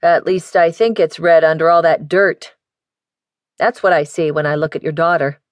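A woman's voice: low-pitched, fairly even intonation, normal speed, no room sound, natural voice. Woman voicing a wry, teasing male professor.

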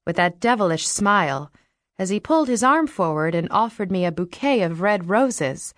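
A woman narrating an audiobook in the first person, reading in a wry, expressive way into a studio microphone. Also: medium pitch, moderate pace, dry recording.

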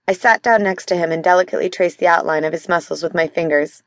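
A woman narrating a mystery audiobook in first person, calm and even. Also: lowish voice, fast, hardly any pauses, no echo, clean studio sound.

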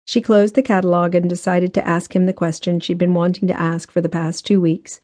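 Woman audiobook narrator; measured, mellow tone, dry close mic. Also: lowish voice, dry recording. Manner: measured, even storytelling. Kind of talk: scripted narration. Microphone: close studio mic.

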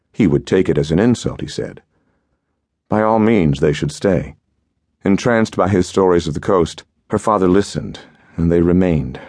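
A man narrating an adventure story in a measured, steady audiobook reading. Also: deep voice, no room sound. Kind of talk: scripted narration.

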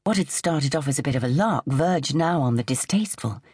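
Very low, husky woman narrating. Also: animated, fairly quick, a little mellow, no echo. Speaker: audiobook narrator. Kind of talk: scripted narration.

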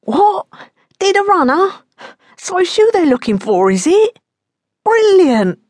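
A woman's voice: sing-song, slow, dry recording, clean studio sound, exaggerated voice. A woman narrator voicing a frightened young man with a strained, panicky voice in an audiobook. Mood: excited. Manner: high-pitched, strained, panicky.

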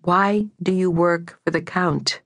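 A woman's voice: lowish voice, fairly even intonation, slow, a bit bright, dry recording, full character voice. A woman playing a proud captive lady. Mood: restrained. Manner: clipped, corrective, restrained anger. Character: captive grown woman, proud, educated and tense.

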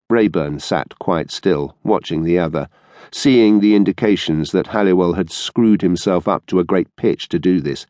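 A man narrating an audiobook in a measured, steady storytelling manner. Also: low-pitched, no room sound. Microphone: studio microphone.

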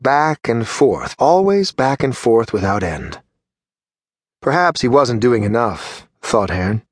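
With a slightly rough, middle-pitched voice, a male audiobook narrator reads a fantasy novel in a steady, measured way. It's scripted narration, captured in a close, dry recording with no room sound.

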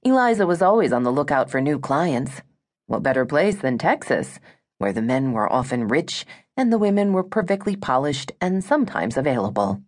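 Low-voiced woman narrating a romance. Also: big pitch swings, normal speed, a little mellow. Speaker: audiobook narrator.

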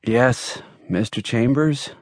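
A man voicing a groggy, gruff private eye who is woken too early, speaking in a grumpy and wry way in an audiobook. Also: mid-range voice, animated, unhurried, no room sound, studio quality, close to an everyday voice.

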